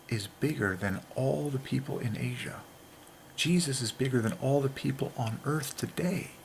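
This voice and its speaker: A man hosting a religious monologue, excitedly working through letter counts and dropping into whispers to stress a point. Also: mid-range voice, vocal fry, a little hiss or hum. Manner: excitable, drops into whispers for emphasis. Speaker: channel host.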